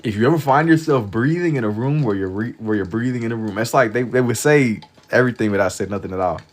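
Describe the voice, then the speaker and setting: A man's voice: medium pitch, fast. A sleepy man chatting casually and rambling on a livestream as he draws, with a drawling, meandering manner and lots of repetition. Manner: drawling, meandering, slangy, repeats himself. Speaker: livestream artist. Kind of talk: casual rambling chat while drawing.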